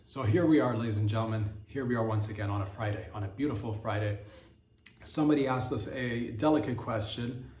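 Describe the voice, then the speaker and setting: A man's voice: medium pitch, a little mellow, reverberant, recorded from a distance, slight background noise. A man hosting a comedy podcast, riffing in a rambling, crude monologue with mock-innocent asides.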